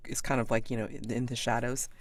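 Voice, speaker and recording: Low-voiced woman running a tabletop game. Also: little pitch movement, fast, dry recording. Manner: rambling, hesitant narration with fillers. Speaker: game master.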